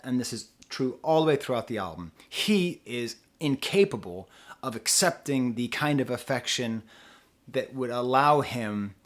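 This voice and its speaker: A young man talking through an album review off the cuff, with rambling asides and self-interruptions. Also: medium pitch. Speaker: music reviewer. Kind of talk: casual unscripted review.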